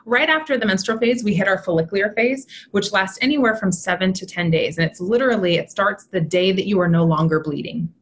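A woman's voice: medium pitch, brisk, few pauses. A woman in her thirties, a mentor and podcast guest, explaining in an upbeat, chatty way and often checking in with "right?". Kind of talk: podcast conversation.

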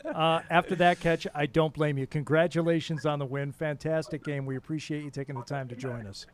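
A man's voice: on the high side, fairly even intonation, brisk. A male sports radio host interviewing a player after the game, friendly and joking, with stammered restarts.

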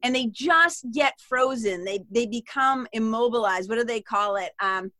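A woman with a Boston accent, chatting as a podcast guest in a lively, rambling way with frequent laughs. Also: on the high side, moderate pace, no echo. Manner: chatty and animated, given to tangents and laughter. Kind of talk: casual interview chat.

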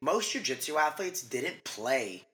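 Give me a man as a podcast guest coach, rambling quickly in a bright, forceful voice. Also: mid-range voice, very animated. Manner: fast, rambling, lots of "like" and restarts. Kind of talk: casual interview chat.

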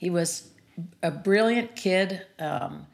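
A woman's voice: lowish voice, slow. A middle-aged woman and sound healer speaking earnestly and reflectively as a guest, with many "you know" fillers. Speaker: sound healer and interview series host, as guest. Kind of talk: personal conversation about grief.

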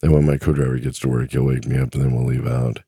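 A man's voice: a bass voice, little pitch movement, quick pace, mellow, husky, dry recording, studio quality. A middle-aged man hosting his own podcast, chatting in an easygoing, rambling, self-deprecating way about his trucking life. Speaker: podcast host and truck driver. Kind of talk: casual solo podcast chat.

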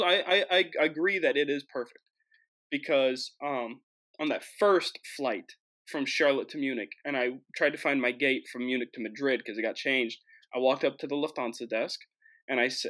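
A young American man hosting his own show, telling a travel story in an animated, jokey way with lots of restarts. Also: mid-range voice. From United States. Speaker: host. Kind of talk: casual storytelling monologue.

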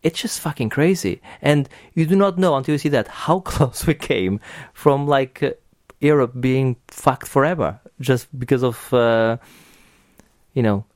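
A man's voice: mid-range voice, measured pace, dry recording, studio quality. A man hosting a podcast in casual chat, talking enthusiastically with many restarts and casual swearing. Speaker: podcast host.

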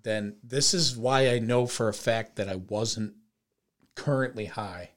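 A young man hosting a podcast, telling a story in casual chat with lots of swearing and loud acted-out quotes. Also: on the low side, unhurried. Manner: animated, profane storytelling with shouted quoted voices. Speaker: podcast host.

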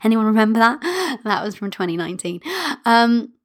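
A woman's voice: fairly high pitch, animated, moderate pace. A woman hosting her own podcast, chatting in a bubbly, playful and affectionate way and giggling often. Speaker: podcast host and manifestation coach. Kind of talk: casual solo podcast chat.

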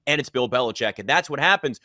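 A man's voice: mid-range voice, expressive, fast talker, bright, forceful tone, dry recording, clean studio sound. A man hosting a sports talk debate, emphatic and opinionated.

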